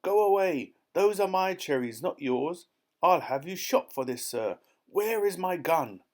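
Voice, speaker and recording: A man's voice: mid-range voice, expressive, moderate pace, a little mellow, voice pushed up, lightly acted. A man doing a blustering old duke. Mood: furious. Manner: blustering, bellowing. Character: pompous old male duke, hot-tempered.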